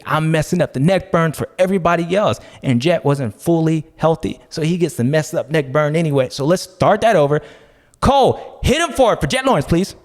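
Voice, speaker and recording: A man hosting a podcast, talking casually in an animated, slangy, joking way. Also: on the high side, in a large hall. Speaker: podcast host.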